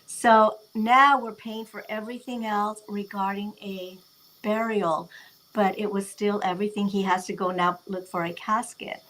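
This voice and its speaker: A woman's voice: medium pitch, a little slow, low-quality recording. Woman telling a family story. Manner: animated retelling with quoted dialogue. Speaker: guest sharing a family story. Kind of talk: casual storytelling.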